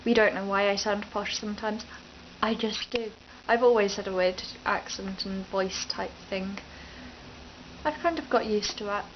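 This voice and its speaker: A woman's voice: medium pitch, moderate pace, muffled recording, noisy background. A young British woman from the East Midlands, rambling unscripted and chatty to her camera at home, often breaking off mid-sentence. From East Midlands, England. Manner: rambling, self-interrupting, chatty. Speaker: vlogger. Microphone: camera mic.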